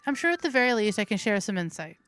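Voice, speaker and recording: A woman's voice: mid-range voice, very animated, quick pace, fairly bright tone. A woman hosting a let's play, reading the game's narration aloud with playful, crude asides. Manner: playful, giggly, crude jokes between narration. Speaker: host.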